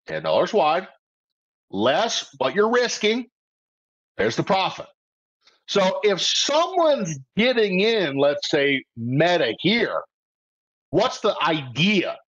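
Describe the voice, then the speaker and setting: A man teaching options trading in a live webcast, animated and full of rhetorical questions, tagging "okay?" onto his points. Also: high voice, dull audio. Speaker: trading coach.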